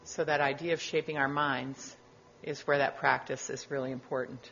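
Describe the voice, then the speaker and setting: A middle-aged woman giving a sermon as a guest speaker, gentle and reflective, with casual asides. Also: a bass voice, little pitch movement, normal speed, gravelly, lo-fi sound, a little hiss or hum.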